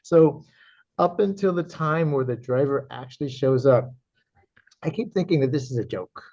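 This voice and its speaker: A man who teaches karate, telling a story in an interview and acting out his own quoted lines in a higher, animated voice. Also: moderate pace. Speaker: actor and karate teacher, podcast guest. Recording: slightly dull, lo-fi audio.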